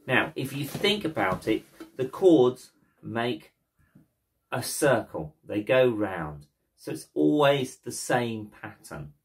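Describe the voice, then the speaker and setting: A man teaches ukulele in a casual, cheeky, playful way, joking as he talks the class through chords and strumming. His mid-range voice is sing-song, and he speaks slowly.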